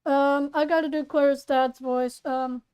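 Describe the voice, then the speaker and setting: A woman's voice: high voice, fairly even intonation, measured pace, a little mellow. Rambling woman reading a story. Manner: rambling, playful, self-correcting. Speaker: fan fiction reader and voice actor. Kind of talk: casual reading with asides. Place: bedroom.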